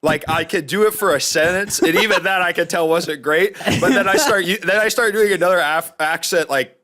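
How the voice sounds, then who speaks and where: A man's voice: high-pitched, a little fast, pushed and bright. A man who is a comedian guest on a podcast, joking about himself in casual chat. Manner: self-deprecating, laughing, loose delivery.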